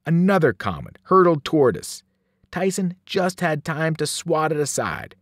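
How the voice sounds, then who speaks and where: A male teacher reads a novel aloud to students, his voice swooping wildly from high to low. His pitch sits a little above the usual for a man. The recording is very dry and close. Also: moderate pace, no echo. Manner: expressive, swooping storytelling. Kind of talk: audiobook narration for students.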